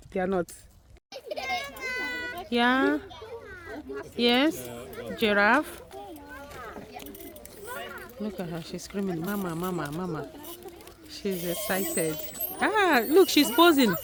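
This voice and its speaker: A woman's voice: on the high side, animated, extremely slow, pauses often, a crowd in the background. A mother filming her children outdoors at a zoo, cheering and encouraging them in a casual family vlog. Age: adult parent. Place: outdoor zoo with a crowd around.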